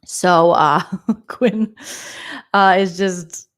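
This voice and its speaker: A woman's voice: lowish voice, drawn-out words. A young adult woman comedian recapping a reality show in a sarcastic, gossipy roast, talking straight to her viewers and mimicking the people she mocks. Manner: sarcastic, gossipy, mock-quotes people in put-on voices; chatty, addresses viewers directly.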